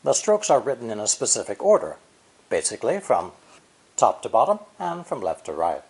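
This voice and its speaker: A man giving a scripted language lesson, explaining each point clearly and repeating sample syllables slowly. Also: medium pitch, wildly swooping pitch. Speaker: language teacher. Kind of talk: scripted educational narration.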